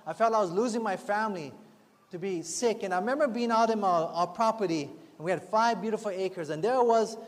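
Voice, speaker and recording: With faint music behind him and long reverb from the hall, a man preaches earnestly and conversationally, adding frequent rhetorical asides for the congregation. His voice sits high, and his pace is fairly quick.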